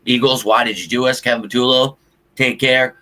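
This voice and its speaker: A man's voice: medium pitch, fairly even intonation, fairly quick, sharp tone. A man hosting a sports livestream, talking casually to his viewers, frustrated and ranting with some cursing. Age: adult with a child. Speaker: sports show host.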